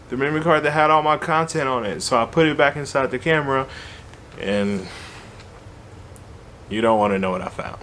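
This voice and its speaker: A man tells a story in an animated, slangy, conversational way. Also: fairly low pitch, a little hiss or hum. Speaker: vlogger. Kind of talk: casual storytelling.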